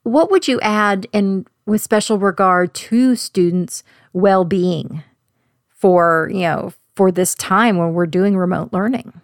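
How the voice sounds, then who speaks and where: Measured woman moderator, dry sound. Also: medium pitch, no echo. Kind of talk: panel discussion.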